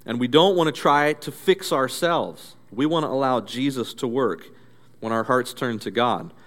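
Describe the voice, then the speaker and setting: A man's voice: mid-range voice, moderate pace, fairly bright tone. A male pastor preaching a sermon in a conversational, storytelling way. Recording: echoey hall reverb.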